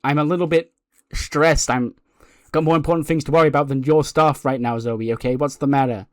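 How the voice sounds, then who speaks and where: A man voicing a stressed female wrestling manager who talks in a hurried, flustered way. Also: mid-range voice, fairly even intonation, dry recording, clean studio sound, natural voice.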